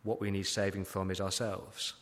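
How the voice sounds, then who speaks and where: A man's voice: deep voice, level tone, moderate pace. A man preaching a sermon as pastor, emphatic, asking repeated rhetorical questions. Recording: long hall reverb.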